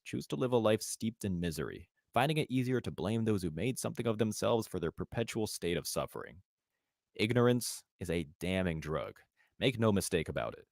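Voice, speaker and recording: A man reading scripted voice-over narration with a measured, grave delivery. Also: lowish voice, darkish tone, no echo, clean studio sound.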